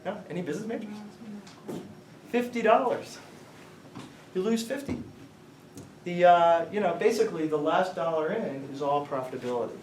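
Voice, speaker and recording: A man's voice: sits high, animated, normal speed, long pauses, a little mellow. A middle-aged man giving an informal lecture to students, telling rambling stories and quizzing the audience. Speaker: guest speaker, company founder. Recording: roomy, distant mic, faint noise.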